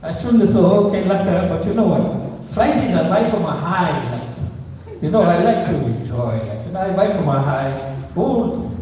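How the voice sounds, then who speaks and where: A man acts out a chatty middle-aged uncle who wanders off into boastful tales. The voice sits a touch high and dark. It echoes through a large hall from a distance. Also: expressive, moderate pace, slight background noise. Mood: boasting. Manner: rambling, chatty, laughs through his own stories.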